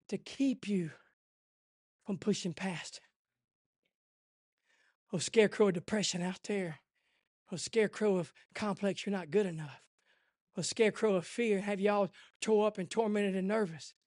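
A man preaching a fervent sermon, his voice pitched very high as he presses each point. He drops to a hush, then climbs back to a full shout. The sound is dry and close. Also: no room sound.

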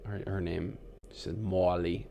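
A young man chatting on a podcast, his voice sitting on the lower side. He rambles and laughs as he goes, often trailing off and starting his thought again. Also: moderate pace, creaky, a little mellow. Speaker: podcast co-host. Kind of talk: casual podcast chat.

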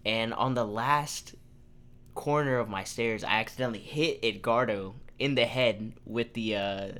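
A man's voice: lowish voice, unhurried. Young guy hosting a podcast, telling a wild story, swears a lot, acts out everyone's lines. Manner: animated storyteller, acts out quotes, swears freely. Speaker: podcast host. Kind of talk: casual storytelling.

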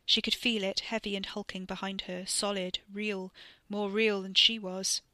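A woman narrating a scripted story in a measured way. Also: medium pitch, level tone, sharp tone, no echo. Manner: measured, reading with acted dialogue.

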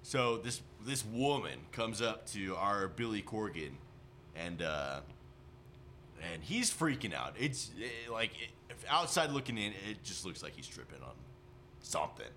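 Guy cohosting a podcast, really bright sharp voice, bouncy pitch, faint noise behind. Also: very animated, measured pace. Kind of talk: casual chat.

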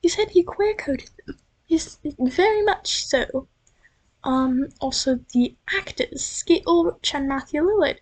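Recorded on a built-in computer mic at home at night, this young woman from the United States has a high, somewhat mellow voice. She's a vlogger whose American speech drifts slightly toward a British-sounding accent. Her rambling is casual, chatty and self-mocking, full of restarts.

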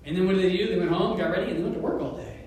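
A male pastor preaching a sermon, telling a story with animated asides, chuckles and pauses. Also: high-pitched, very echoey, distant mic, slight background noise, low-quality recording. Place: church sanctuary.

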